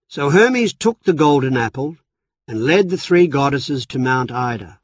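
A man reads a storybook chapter at an unhurried pace, his mid-range voice steady and even. The recording is dry and close, with a slightly dull, muffled tone. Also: mid-range voice, no room sound. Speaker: narrator. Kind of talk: audiobook narration.

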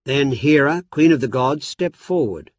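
Slow, steady male storybook narrator. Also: medium pitch, no room sound. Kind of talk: audiobook narration. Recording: dry, slightly dull recording.

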